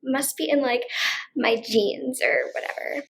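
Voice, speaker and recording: Brief: woman as spacey horoscope-loving hippie girl, valley drawl, high pitch. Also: steady tone, unhurried. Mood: airy. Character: flaky hippie daughter, horoscope-obsessed. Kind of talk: school play over video call.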